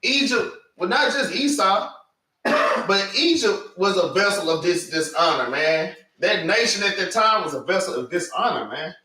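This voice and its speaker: A man leading an informal preaching class, animated and street-casual, tagging "man" onto his sentences. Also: sits high, measured pace. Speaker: class teacher. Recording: echoey room, mic far off.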